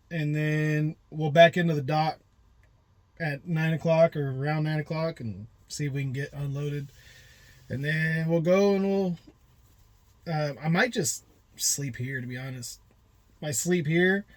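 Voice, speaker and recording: A chatty truck driver talks casually from his cab, rambling and retelling conversations with a loose, offhand ease. His voice sits a bit high for a man. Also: fairly bright tone. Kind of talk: casual vlog narration.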